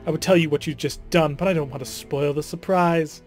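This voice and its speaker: A scheming, gloating villainess, put on by a man with a British accent, cool and taunting from her prison cell in a video game. Her lines come slow and mocking, each word weighed. Faint music plays underneath. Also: on the high side, steady tone, darkish tone, natural voice. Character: scheming imprisoned noblewoman villain, gloating and cruel. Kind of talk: dramatic reading of game dialogue.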